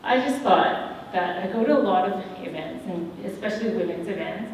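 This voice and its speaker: A middle-aged woman giving a keynote speech, telling a personal story with candid, animated delivery and quoted dialogue, speaking into a handheld microphone. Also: on the low side, fairly quick, a little hiss or hum. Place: large hotel event hall. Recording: distant, echoey hall recording with faint ambience.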